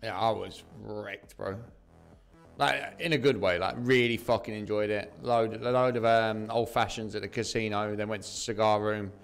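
A man's voice: fairly low pitch, steady tone, moderate pace, creaky, soft background music. A young English man from southeast England, chatting casually with viewers on a slots live stream and calling them mate and bro.

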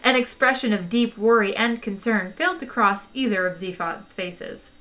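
A woman's voice: mid-range voice, normal speed. A woman with a tired voice reading a novel aloud and chatting casually with her listeners. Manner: chatty, relaxed sign-off. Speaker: audiobook reader.

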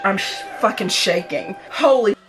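A woman reacting to a horror film, loud and profane, pleading with the characters on screen. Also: medium pitch, quick pace.

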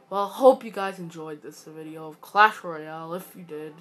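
A woman giving excitable, ranting commentary while playing a mobile game, swinging between yelling and muttering. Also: sits low. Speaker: gaming YouTuber. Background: loud game music.

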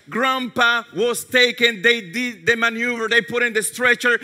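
A male pastor preaching a sermon, telling a story and dropping softly into quoted prayers. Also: extremely high pitch, moderate pace. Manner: storytelling, drops to soft tones for quoted prayers. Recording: long hall reverb.

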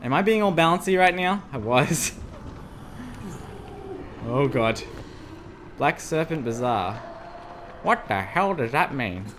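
Excitable high-voiced male gamer, bright tone. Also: slow pace, pauses often, a little hiss or hum. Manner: excitable, yelps and squeals when scared. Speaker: gameplay commentator. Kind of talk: let's play commentary. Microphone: desk USB microphone.

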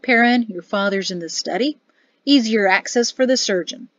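A woman voicing an easygoing army general, matter-of-fact and gently teasing. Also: medium pitch, moderate pace, no echo, highs cut off, natural voice. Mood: dry amused. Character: easygoing older general, dryly amused.

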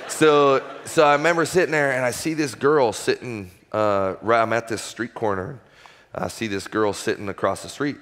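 A man in his forties giving an animated personal testimony talk as a guest speaker in a large church auditorium. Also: fairly low pitch. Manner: conversational, animated storytelling. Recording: long hall reverb.

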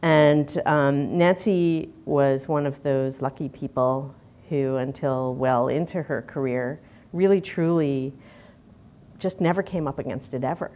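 A woman's voice: rumbling low, steady tone, unhurried, dark tone. A middle-aged woman, giving a candid conference talk full of fillers and restarts. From Canada. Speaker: conference speaker.

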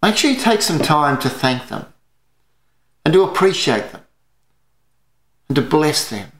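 Earnest Australian pastor in an echoey room. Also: male voice, a little high, sing-song, a little slow, a bit bright. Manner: earnest storytelling preaching. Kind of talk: sermon.

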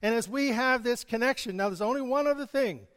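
A man's voice: extremely high pitch, brisk, fairly bright tone, clean tone, big-room sound. A male pastor preaching a sermon in a conversational manner, chuckling often. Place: church hall.

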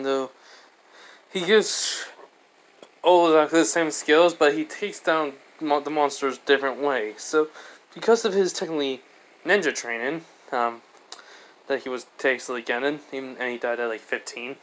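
Male fan narrator, loose and rambling delivery, average pitch. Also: a bit bright, rough recording. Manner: rambling, many fillers and restarts. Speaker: fan storyteller. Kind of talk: casual fan-fiction narration.

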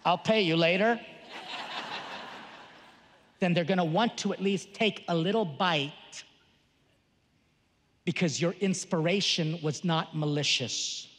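Male priest speaker, bright high voice, animated delivery, joking teacher, echoing large hall. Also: takes it slowly, pauses often. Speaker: Catholic priest and conference speaker. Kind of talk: lively conference talk. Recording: long reverb of a large hall.

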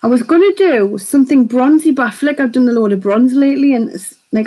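A woman, chatting quickly while hosting a live makeup tutorial and reading viewer comments aloud. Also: sits high, dark tone, low-quality recording. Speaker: beauty vlogger hosting a live stream.

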